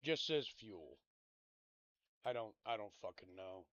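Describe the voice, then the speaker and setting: Annoyed guy cussing at a farming game, mid pitch, dry muffled mic. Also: normal speed, fairly bright tone, a little hiss or hum. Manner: frustrated, swearing, grumbling to himself. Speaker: gaming streamer. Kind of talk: casual gameplay commentary.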